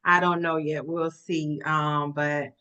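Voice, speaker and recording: A woman's voice: low-pitched, level tone, slow, sharp tone, smooth, low-quality recording. A woman, a guest author, talking casually in a book club discussion with chatty fillers.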